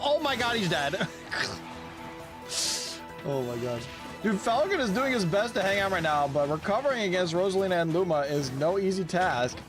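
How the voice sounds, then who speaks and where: A young man streaming a video game tournament, commentating with excited exclamations, laughter and quick character voices. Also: high-pitched. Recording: game music playing behind.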